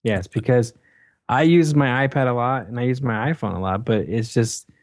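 A man co-hosting a casual podcast, playful and quick to laugh. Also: medium pitch, no echo, clean studio sound. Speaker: podcast co-host.

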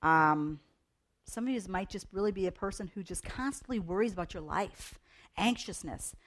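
A woman's voice: mid-range voice, moderate pace. A middle-aged woman giving a casual devotional talk to young people, chatty and rambling through personal stories. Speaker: youth devotional speaker.

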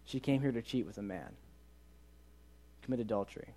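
Man, young adult, youth ministry leader, sermon storytelling, animated, acts out dialogue, middle pitch. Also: brisk.

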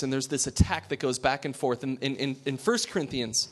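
A man's voice: mid-range voice, moderate pace, hardly any pauses, a bit bright. A man preaching a conversational sermon to a small congregation in a room, speaking frankly and informally with frequent restarts.

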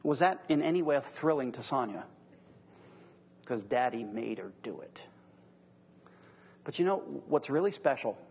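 A man's voice: medium pitch, expressive, a little slow, pauses often, a little mellow, long reverb tail, slight background noise. A middle-aged man leading a church class discussion, teaching earnestly through rhetorical questions.

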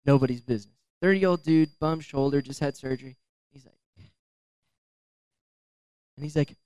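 A young man giving a storytelling sermon, lively, acting out voices and laughing as he goes. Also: fairly high pitch, normal speed, pauses often, dry recording. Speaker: youth speaker.

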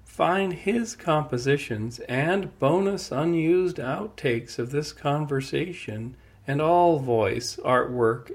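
Older male host, raspy and gravelly, measured and declamatory delivery. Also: medium pitch. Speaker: podcast host. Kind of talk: reflective salon talk and closing narration.

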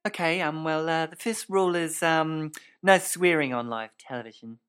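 A woman's voice: low voice, moderate pace, clear, resonant tone, lightly acted. A woman playing a prim, rule-minded rugby co-commentator who fusses and giggles in a comedy sketch. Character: eager female rugby co-commentator, giddy and prim.

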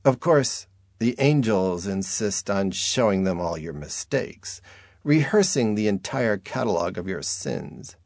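A man's voice: fairly low pitch, expressive, measured pace, a little mellow, no room sound. A man narrating an audiobook in a dry, wry first-person storytelling manner.

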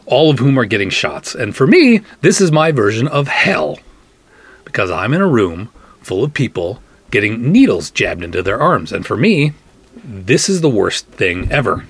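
Middle-aged male podcast host, husky, animated storyteller who acts out the voices. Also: mid-range voice, normal speed. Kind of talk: comic anecdote, casual storytelling.

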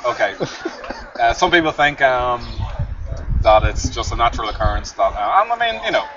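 A man's voice: medium pitch, sing-song, moderate pace. A man co-hosting a podcast, chatting casually over beers and swearing freely. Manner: laid-back, swears casually. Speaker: podcast co-host. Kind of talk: casual beer-drinking chat. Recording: distant lo-fi mic with hiss.

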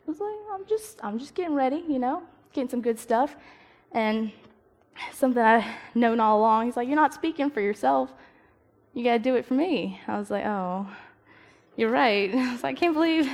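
A young woman giving a casual devotional talk, telling stories and acting out her own thoughts. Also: a little high. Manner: chatty, storytelling, acts out her own inner dialogue. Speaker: youth speaker. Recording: long reverb of a hall.

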